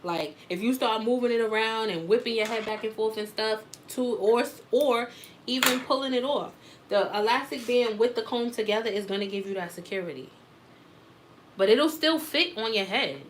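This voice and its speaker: A woman's voice: a little high, moderate pace, slight background noise. A woman teaching a live wig-making class, explaining steps in a casual, chatty way.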